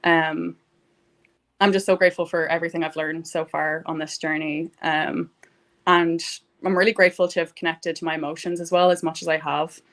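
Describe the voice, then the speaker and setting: A young woman talking warmly about gratitude in a casual conversation, rambling with many fillers. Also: low voice, little pitch movement, moderate pace. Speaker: guest.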